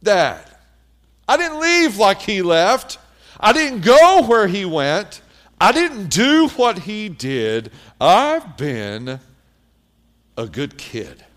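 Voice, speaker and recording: Picture a man playing a boastful, aggrieved young son in a sermon retelling, protesting to his father that he has always been good. The voice is slow and swoops widely as he counts off his virtues. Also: high-pitched, very animated, fairly bright tone, voice pushed up, exaggerated voice. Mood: indignant. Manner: protesting, listing his own good deeds.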